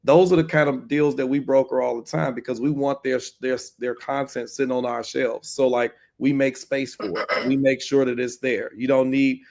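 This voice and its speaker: A man's voice: mid-range voice, fairly even intonation, normal speed, vocal fry, few pauses, darkish tone. A man who owns a comic shop speaks earnestly in a casual panel chat, often repeating words as he builds his point.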